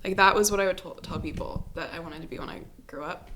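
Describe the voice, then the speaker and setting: Young woman, bright clear voice, rambly and chatty, lots of "like". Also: fairly low pitch, quick pace, a little hiss or hum. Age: young adult. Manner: chatty, rambling, says "like" often. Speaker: podcast guest, animation student. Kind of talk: casual interview chat.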